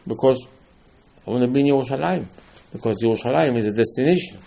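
Gravelly emphatic male rabbi. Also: medium pitch, quick pace, dark tone. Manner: emphatic, rhetorical questions, acts out dialogue. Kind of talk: Torah lecture.

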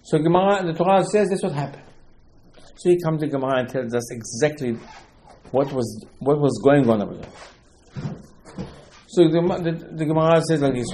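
Animated man teaching a Torah lesson. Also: medium pitch, a little hiss or hum, low-quality recording. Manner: storytelling with acted quotes, rhetorical questions, rising emphatic bursts.

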